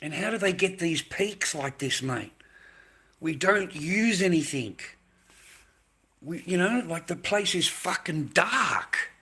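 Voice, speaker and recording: A man's voice: a little high, expressive, takes it slowly, bright, forceful tone, husky. A middle-aged man with an Australian accent, ranting angrily to camera with lots of swearing, stumbling and repeating himself. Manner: angry, profane, repeats himself, stumbles over words. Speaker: vlogger.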